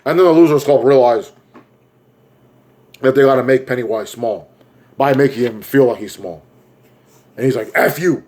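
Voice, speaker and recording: A man giving an excitable, rambling plot recap as a movie reviewer, full of fillers. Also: mid-range voice, normal speed, pauses often.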